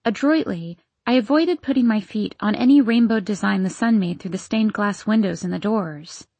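Expressive woman narrating a story. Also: mid-range voice, normal speed, no room sound. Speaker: audiobook narrator. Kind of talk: scripted first-person story narration.

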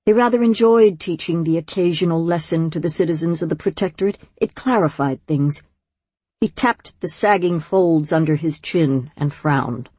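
A woman narrating a fantasy audiobook in a measured, wryly storytelling manner. Her voice sits low and husky, recorded dry and close in a studio. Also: dark tone, dry recording.

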